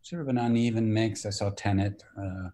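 A man in his sixties with a fairly low voice tells stories from his film career at an easy pace. He slips into the voices of people he quotes and now and then swears lightly. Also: fairly even intonation, moderate pace, dark tone. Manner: storytelling, acts out quoted dialogue, mild profanity. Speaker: actor and director, guest. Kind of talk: relaxed anecdotal interview talk.

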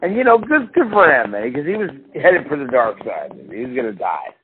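A male podcast host with a medium-pitched, sing-song voice chats casually at a fairly quick pace. He's profane and rambling, slipping into exaggerated impressions of people in big voices. The audio sounds phone-like and lo-fi, with faint noise.

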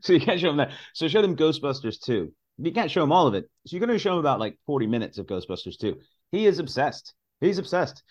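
A man's voice: fairly high pitch, quick pace, muffled recording. A man in his forties, a stand-up comedian, chatting as a podcast guest, telling stories with acted-out voices and lots of laughter. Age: 40s. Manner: animated storyteller, acts out voices, laughs a lot. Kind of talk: casual comedy podcast chat.

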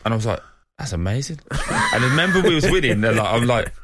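A man's voice: mid-range voice, expressive, very fast, very noisy. An English man in his young adulthood, a footballer guest telling laddish stories with playful banter. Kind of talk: casual chat.

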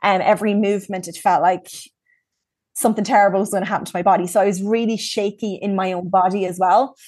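A woman's voice: medium pitch, fairly even intonation, fast talker, darkish tone, dry recording. A woman from Ireland, speaking as a guest and frankly telling her own story in casual conversation, with plenty of ums and likes.

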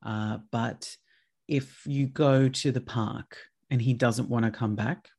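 A man hosting a casual chat, telling lively stories with plenty of swearing. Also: mid-range voice, slow, gravelly, slightly rough. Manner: chatty, swears freely, tells animated stories.

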